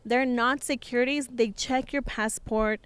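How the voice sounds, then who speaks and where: A young woman telling a story in casual chat, animated and acting out what people said. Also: a little high, a little slow, smooth, no echo. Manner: animated, acts out quotes with a rising voice. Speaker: co-host of a couple's channel.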